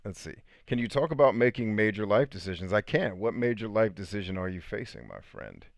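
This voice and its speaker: A man's voice: on the low side, big pitch swings, brisk, gravelly, dry recording. A man in his thirties hosting a casual live stream, telling stories and reading viewer comments aloud. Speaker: host.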